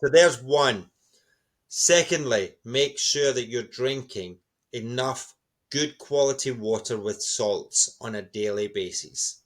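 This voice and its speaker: Middle-aged guy being interviewed, upbeat and encouraging, medium pitch. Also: slow pace. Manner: enthusiastic, encouraging. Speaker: guest speaker. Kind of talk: conversational interview answers.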